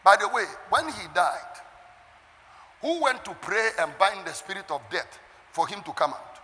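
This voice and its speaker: A man's voice: high-pitched, lively intonation, a little slow. Fervent preacher in his sixties, soaring voice. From Ghana. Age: 60s. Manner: fervent preaching that swings into shouts and sung phrases. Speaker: pastor. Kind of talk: sermon. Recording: echoey hall with faint music.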